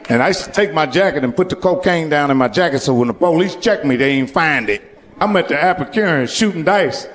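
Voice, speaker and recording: On a comedy stage in front of a laughing audience, a middle-aged comedian tells profane stories and acts out other people's voices. His voice is on the high side, expressive and a bit bright, and he talks fairly quickly; the hall adds live reverb and faint noise.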